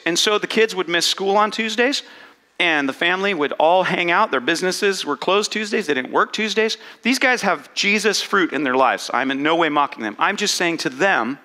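A man preaching a conversational sermon as pastor, animated, with self-mocking asides and playful back-and-forth with his own thoughts. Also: fairly high pitch. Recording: long hall reverb.

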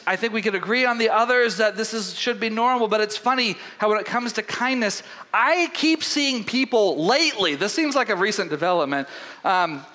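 A man preaching a sermon as pastor, telling a story in an animated way with frequent restarts. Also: sits high.

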